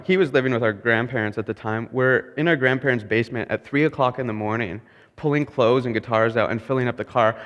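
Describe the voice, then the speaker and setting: A young male pastor tells a story from the pulpit, candid and quick to laugh at his own choices. His mid-pitched voice rings out with a long hall reverb, as if in a church sanctuary on a stage mic. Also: a bit bright. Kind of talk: storytelling sermon.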